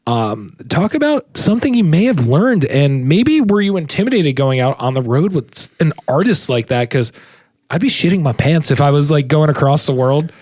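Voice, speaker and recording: A man's voice: fairly high pitch, big pitch swings, normal speed, a little mellow, no echo. Chatty male radio host. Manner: enthusiastic, asks long rambling questions. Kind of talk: casual interview.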